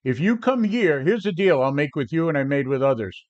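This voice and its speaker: This seventies-aged trading coach sounds very animated, fairly quick, fairly high-pitched, and a little mellow, though the recording is muffled. During his live stream trading talk he's brash and confrontational with chat.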